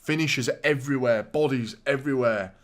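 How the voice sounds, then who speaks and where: A man casually recapping a wrestling show, animated and laughing as he acts out what people said. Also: medium pitch, normal speed. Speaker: podcast host.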